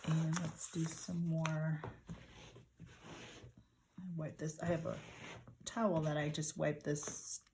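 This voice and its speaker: A woman with a low-pitched voice talks through a crafting session in a soft, unhurried way, half to herself. A faint noise floor sits under the recording. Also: flat delivery. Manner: soft, unhurried, talking to herself while working. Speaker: craft channel host. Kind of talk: relaxed crafting commentary.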